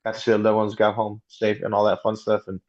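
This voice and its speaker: A man's voice: fairly low pitch, completely flat delivery, a little mellow. A man co-hosting a casual podcast chat, talking in slang and often stopping to restart his sentences. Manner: halting, many restarts, slangy. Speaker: podcast co-host. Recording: dull lo-fi sound.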